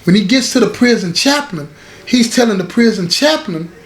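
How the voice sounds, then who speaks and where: Emphatic high-voiced male storyteller. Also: lively intonation, moderate pace. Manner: emphatic, repeats lines, addresses listeners directly. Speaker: storyteller host. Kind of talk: casual storytime narration. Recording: roomy echo, faint background hiss.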